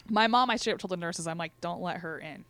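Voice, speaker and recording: A woman's voice: fairly low pitch, moderate pace, fairly bright tone. A young woman speaking candidly as a guest, telling a personal story in a casual conversational way, laughing between lines and acting out what others said.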